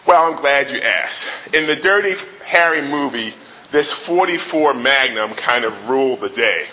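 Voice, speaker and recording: A man retelling a movie scene in an animated way before making his point. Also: mid-range voice, measured pace, slight background noise, low-quality recording. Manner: animated retelling with restarts and acted quotes. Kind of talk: storytelling lead-in to a talk.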